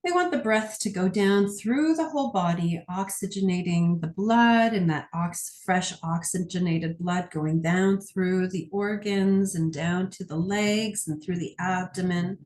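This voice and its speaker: A woman's voice: fairly low pitch, darkish tone, reverberant. A woman energy healer guiding a healing session in a soothing way, with long sighing "oh"s as she voices what she feels. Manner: soothing, drawn-out sighing "oh"s, speaks feelings aloud.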